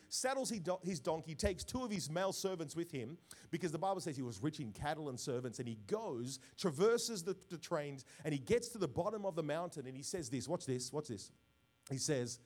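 A man preaching a sermon as pastor, swinging from quiet reflection to loud, emphatic bursts. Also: fairly high pitch, big pitch swings, moderate pace. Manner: preaching with rising bursts of volume and call-outs.

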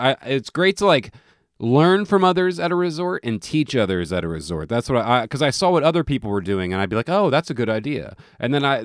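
A man's voice: medium pitch, no room sound. A man tells a loose, profane travel story, backing up and restarting his sentences as he goes. His voice sits in the middle range. The sound is dry and close, with no room in it. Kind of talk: casual chat.

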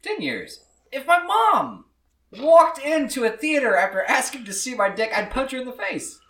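A man's voice: extremely high pitch, sing-song, normal speed, pushed and bright, reverberant, recorded from a distance. A man chatting crudely and joking on a podcast, laughing often. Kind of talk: crude casual chat.

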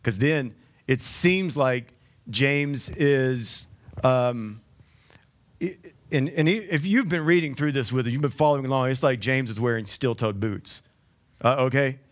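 A man's voice: mid-range voice, measured pace. A man preaching a sermon as the pastor, conversational, with joking asides to the congregation and frequent repeated words.

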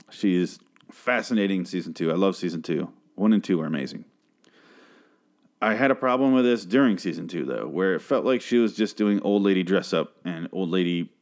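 A man's voice: sits low, a little mellow. A young man reviewing a TV episode in a profane, exasperated, rambling solo rant into a close mic. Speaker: TV show reviewer. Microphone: close podcast mic.

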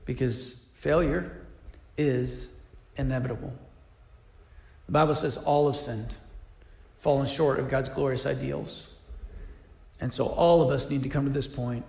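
A man preaching a sermon as pastor, shifting between hushed appeals and lively, acted-out voices. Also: unhurried, creaky, pauses often, reverberant. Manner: dynamic preaching, acts out voices with big pitch swings.

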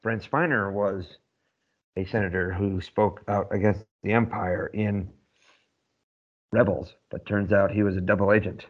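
Low-voiced man, dull lo-fi sound. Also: fairly even intonation, a little slow. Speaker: podcast co-host. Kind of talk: casual chat. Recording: dull lo-fi audio.

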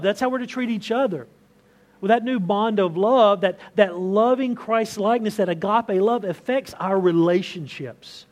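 A male pastor in his thirties preaches with a fairly high voice. His sermon has an easy, conversational delivery and is sprinkled with rhetorical questions.

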